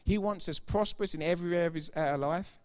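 A man's voice: a little high, fast talker, smooth. A middle-aged man preaching a sermon, emphatic and informal, repeating key phrases for effect and throwing chatty asides to the congregation. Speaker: pastor.

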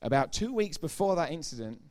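A man giving a sermon testimony as a preacher, retelling conversations line by line and growing loud and emphatic when he preaches. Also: fairly high pitch, big pitch swings, a little fast. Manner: retells dialogue with repeated "I said, he said".

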